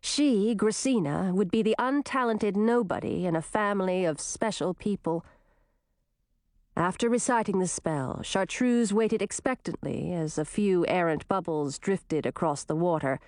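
A woman narrating a fairy tale in an expressive storytelling manner. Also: medium pitch, unhurried, no room sound, studio quality. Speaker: audiobook narrator.

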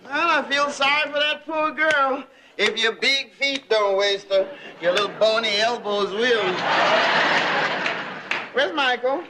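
A woman's voice: a little high, takes it slowly, very noisy. A middle-aged woman playing a firm, dryly teasing mother in a sitcom family.

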